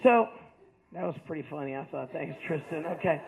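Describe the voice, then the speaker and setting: A man speaking to a school audience, telling a personal story with jokes, moving between loud punchlines and quieter stretches. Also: fairly high pitch, expressive, a little fast, vocal fry. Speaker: motivational speaker. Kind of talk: storytelling talk to students. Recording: tinny phone-like audio.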